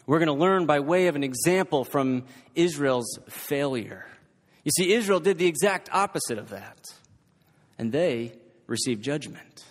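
A man preaching a sermon as pastor, emphatic and rhetorical, repeating his key points and drawing the listeners in with questions. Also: a little high. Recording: long hall reverb.

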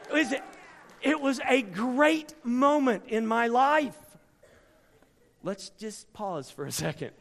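A middle-aged man preaching a storytelling sermon, with a dramatic delivery that swings from hushed asides to sudden shouts. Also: high-pitched. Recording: long reverb from a large hall.

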